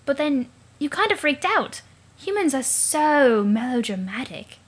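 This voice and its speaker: Bubbly alien sea princess, teen girl, playful and punny, high voice; a woman reads her. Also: big pitch swings, a little slow. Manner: fish puns, cheery, teasing.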